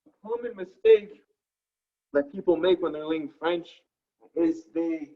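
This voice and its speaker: A French teacher with a fairly high voice, walking a class through notes in a patient, repetitive rhythm. He tags nearly every point with a questioning "right?" and says example words slowly and more than once. The recording sounds dull and lo-fi. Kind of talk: classroom lesson.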